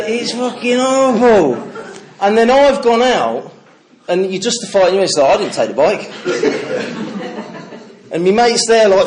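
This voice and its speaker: Middle-aged man from the Midlands, slightly high voice, blunt sweary storyteller sharing his recovery story. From English Midlands. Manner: candid, swearing, storytelling with laughs. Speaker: recovery speaker. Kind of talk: personal testimony to a meeting.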